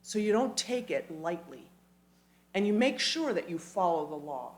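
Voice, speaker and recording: Emphatic woman speaking to a crowd. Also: on the low side. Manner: animated, emphatic, quick asides. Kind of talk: community talk. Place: church hall.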